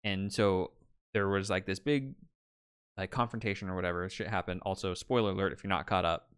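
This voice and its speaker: Low smooth guy on a podcast, rambly with lots of uhs and likes. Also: steady tone, fairly quick, a bit bright. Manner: rambling storyteller with many fillers. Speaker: podcast co-host. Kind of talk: casual chat.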